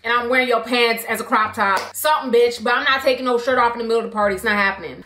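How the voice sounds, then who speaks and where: A young woman telling a storytime vlog in a blunt, animated and profane way. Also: fairly high pitch, fast talker, hardly any pauses. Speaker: YouTube storyteller. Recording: roomy echo.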